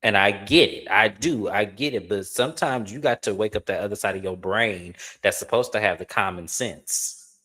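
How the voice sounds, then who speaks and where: A young man, co-hosting a casual reality TV recap and swooping up into high incredulous exclamations. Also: normal speed, sharp tone. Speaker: co-host.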